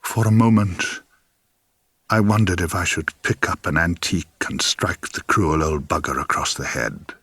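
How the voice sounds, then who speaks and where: A man reading his own memoir aloud in a wry, theatrical way, sometimes dropping to a hush. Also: deep voice, unhurried, slightly rough, no room sound. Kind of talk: audiobook memoir narration.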